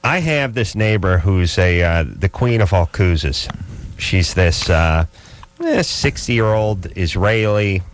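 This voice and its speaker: A man hosting a radio call-in show, telling stories in a rambling, animated way. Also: sits low, slow pace. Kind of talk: casual talk radio banter.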